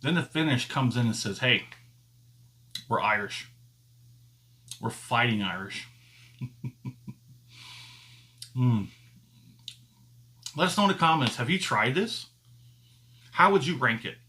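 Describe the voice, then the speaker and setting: A man hosts a casual whiskey tasting video, speaking straight to his viewers. He thinks aloud as he goes, unhurried and easygoing. He often pauses and restarts while he hunts for the right word. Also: mid-range voice, expressive, pushed and bright. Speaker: whiskey reviewer and channel host. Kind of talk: casual tasting review to camera.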